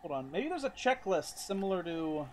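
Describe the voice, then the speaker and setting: A man with a notably high voice streams a game, cursing freely in casual talk. His commentary comes through a desk mic. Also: big pitch swings, normal speed, a little hiss or hum. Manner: exasperated, heavy swearing.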